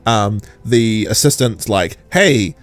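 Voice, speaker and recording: A man hosting a casual podcast chat, recapping an episode with animated, laugh-filled storytelling. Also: mid-range voice. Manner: animated, laughs often, slips into quick mock voices. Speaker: podcast host.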